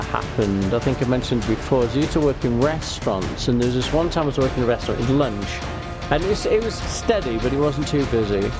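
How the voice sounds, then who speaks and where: A man rambling casually through gameplay commentary and a story, with many fillers and restarts. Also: medium pitch. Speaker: gaming YouTuber. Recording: game music behind the voice.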